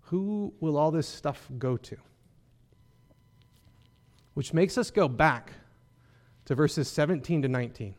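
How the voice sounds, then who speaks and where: A man's voice: a little high, lively intonation, normal speed, pauses often, a little mellow. A man preaching a sermon in a conversational way, often checking in with the congregation with rhetorical questions. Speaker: pastor.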